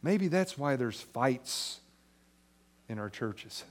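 Man, pastor, sermon, conversational, emphatic then hushed, medium pitch. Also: lively intonation, slow, pauses often. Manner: conversational preaching, swings from emphatic to soft and low.

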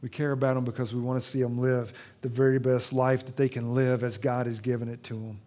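A man preaching a sermon in a church, retelling a Bible story with dramatic swings between loud emphasis and hushed tenderness. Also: medium pitch, level tone, brisk. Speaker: pastor.

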